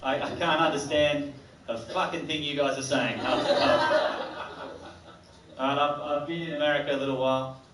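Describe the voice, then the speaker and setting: A man's voice: on the high side, steady tone, normal speed, long pauses, very noisy. A man doing chatty, hesitant stand-up comedy about having an accent. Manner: chatty, hesitant, self-aware. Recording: echoey distant stage mic with clicks.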